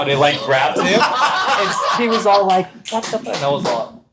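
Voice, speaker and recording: This high-pitched Canadian man from Ontario talks briskly over a very noisy recording. He's a podcast guest spinning casual stories, animatedly performing the quoted voices himself.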